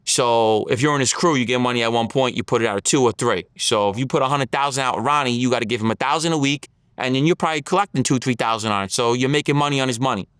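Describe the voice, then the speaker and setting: A man's voice: mid-range voice, fast talker, hardly any pauses, a bit bright, smooth, dry recording, clean studio sound. Blunt New man telling a story. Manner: blunt street talk, acts out others' lines in his story. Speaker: interview guest. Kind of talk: storytelling in an interview.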